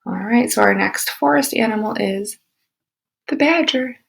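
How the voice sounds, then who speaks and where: A woman teacher reading a picture book aloud to children, expressive, with whispered asides. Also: mid-range voice, a little slow, creaky, slightly rough, rough recording.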